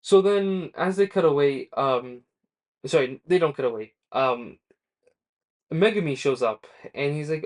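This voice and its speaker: A man's voice: fairly high pitch, animated, measured pace. A man casually recapping a manga chapter for his review channel, rambling with many fillers and self-corrections.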